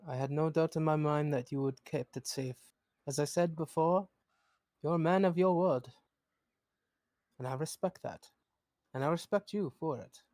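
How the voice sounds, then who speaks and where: A man's voice: on the high side, normal speed, pauses often, a little mellow, dry recording, lightly acted. Casting: a man playing an earnest, respectful warrior in a tabletop game, dry sound.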